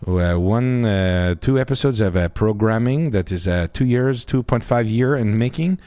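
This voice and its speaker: A man voicing a pompous, crude French man with a put-on French accent, halting and full of fillers. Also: on the low side, animated, warm tone, no echo, lightly acted. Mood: mock-serious.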